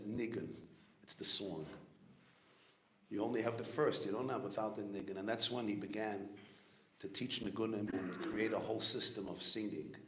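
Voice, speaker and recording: A middle-aged man from Brooklyn with a New York accent, a rabbi telling stories at a gathering, weaving in Hebrew and Yiddish terms. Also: fairly low pitch. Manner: animated storyteller, sprinkles Hebrew and Yiddish terms. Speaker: rabbi giving a farbrengen talk. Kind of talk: storytelling sermon. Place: large room at a gathering. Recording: echoey room, faint background noise.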